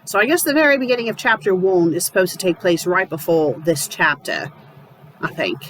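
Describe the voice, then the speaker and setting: Young man, sardonic rambling recap, higher voice. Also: animated, brisk, fairly bright tone, slight background noise, poor audio. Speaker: fan fiction reviewer. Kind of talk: casual spoken review.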